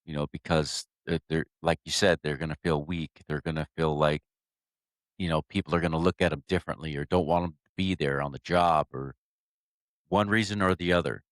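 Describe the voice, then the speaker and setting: A podcast host with a very deep voice talks earnestly with his guest. His thoughts run together in long, rolling sentences. The recording is close and dry. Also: fairly even intonation, brisk, dry recording. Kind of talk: interview, conversational.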